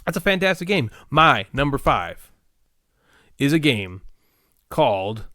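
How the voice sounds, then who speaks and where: A man's voice: mid-range voice, very animated, measured pace, sharp tone, dry recording. A man co-hosting a casual podcast, chatting playfully and laughing at himself while unsure of his words. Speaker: podcast co-host. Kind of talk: casual chat.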